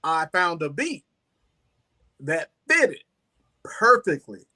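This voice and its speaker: Bright-voiced man, telling stories. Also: fairly high pitch, slow pace. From Southern United States. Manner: rambling, animated, leans on "you know". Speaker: guest musician. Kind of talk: casual storytelling interview.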